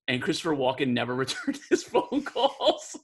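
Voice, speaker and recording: A man's voice: medium pitch, big pitch swings, normal speed, slightly rough. A man from New Jersey, co-hosting a podcast, telling a long rambling story full of "like" fillers. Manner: rambling, many "like" fillers, acts out quoted voices. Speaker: podcast co-host. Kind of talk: casual chat, storytelling.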